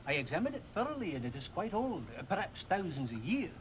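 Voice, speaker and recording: A rambling old chemist in a video game cutscene, excitable and forever mixing up names. His voice sits high and swoops about a lot. A faint hiss runs under the old game audio. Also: fast, low-quality recording. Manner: scatterbrained, mixes up names, excitable. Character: rambling absent-minded old male police chemist.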